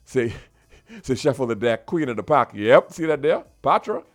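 In a radio studio, a host trades casual, playful banter, laughing often and drifting into local dialect. His mid-range voice swings widely in pitch, and he talks at a normal speed.

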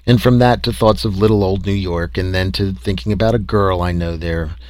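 A man narrating a story in an expressive, dramatic reading style. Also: sits low, brisk, no echo. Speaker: audiobook narrator.

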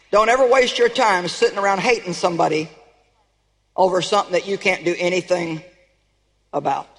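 A woman preaches with emphatic, rallying delivery, calling out to her congregation. Her voice rings through a large hall with a long reverb trail. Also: mid-range voice. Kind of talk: sermon.

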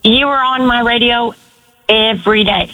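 A woman's voice: on the high side, steady tone, normal speed, bright, forceful tone, poor audio. Cheerful woman calling a radio show. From Arkansas, US. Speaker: caller. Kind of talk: phone call to radio show.

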